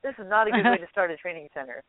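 A woman's voice: fairly low pitch, very fast, no echo. Woman telling a story on a phone line. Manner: animated, laughs often, acts out quotes. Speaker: guest. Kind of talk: casual storytelling. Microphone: telephone. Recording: tinny dry phone line.

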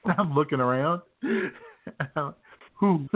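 A man's voice: fairly high pitch, slow. Host guy telling a funny story, laughs a lot, sounds like a phone line. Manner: laughing through his anecdote, with restarts. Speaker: show host. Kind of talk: casual chat, storytelling. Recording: phone-quality audio.

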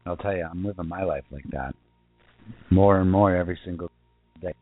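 A man preaching an informal sermon in earnest, asking rhetorical questions and repeating himself, and reading scripture slowly. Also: low voice, no echo. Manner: slow deliberate scripture reading. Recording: tinny phone-like sound with faint music.

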